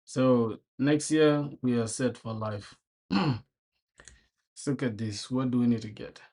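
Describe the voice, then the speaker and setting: A man's voice: mid-range voice, slow pace, warm tone. A young man live-streaming while he codes, chatting casually with slang, mumbling code aloud and often breaking into laughter.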